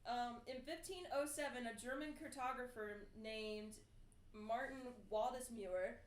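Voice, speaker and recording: A woman with a slightly high voice co-hosts a loose, chatty podcast, reading facts with plenty of ums and laughs. The room is echoey, with a faint hiss underneath. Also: moderate pace. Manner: laughs often, reads facts with fillers. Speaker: podcast co-host. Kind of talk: casual podcast chat reading fun facts.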